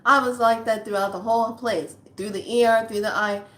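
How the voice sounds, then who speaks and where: A woman's voice: fairly high pitch, steady tone, fairly quick, a bit bright. A woman in her sixties telling a personal story to her viewers in a chatty, blunt, earthy way, calling them lovelies. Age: 60s. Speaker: spiritual vlogger. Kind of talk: casual storytelling to camera.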